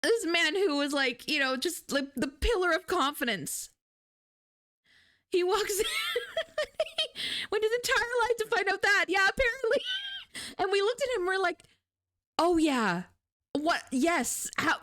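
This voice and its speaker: A woman's voice: very high-pitched, sing-song, measured pace, pauses often, bright, forceful tone. A young adult woman, streaming and chatting casually with her viewers, telling stories animatedly and laughing often. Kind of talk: casual chat with live chat.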